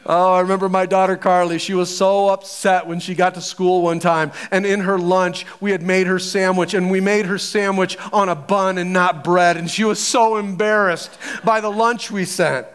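High-voiced animated male preacher. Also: moderate pace, hardly any pauses, smooth. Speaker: pastor. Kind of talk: sermon.

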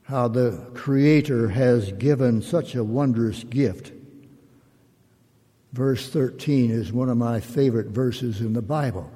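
An older man, a pastor, giving a slow and reflective sermon in measured, drawn-out phrases. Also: mid-range voice, mellow, husky. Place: church sanctuary. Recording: long reverb of a church hall.

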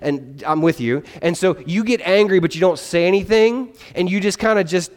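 A male pastor delivers a sermon with a slightly higher pitch than most men. He speaks conversationally and acts out short exchanges in put-on voices. His voice rings out with a long reverb, as if he were in a large hall. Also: normal speed, few pauses. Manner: animated, acts out little dialogues in put-on voices.

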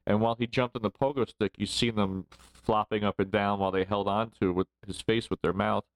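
A man's voice: on the low side, fairly even intonation, fairly quick, no echo. A man in his forties, a podcast guest telling rambling stories and laughing often as he talks. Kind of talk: casual storytelling interview.

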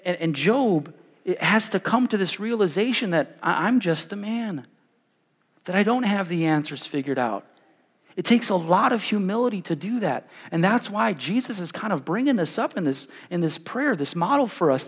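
A man's voice: sits high, breathy edge. Young male pastor preaching in a reverberant hall. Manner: animated, repeats words, sways between loud and hushed. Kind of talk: sermon. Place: church hall. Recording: live in a reverberant church hall.

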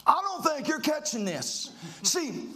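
Excitable preacher guy, high voice bouncing all over, hyping up the church. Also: unhurried. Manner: exclamatory, leads call-and-response. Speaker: pastor. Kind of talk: fervent sermon.

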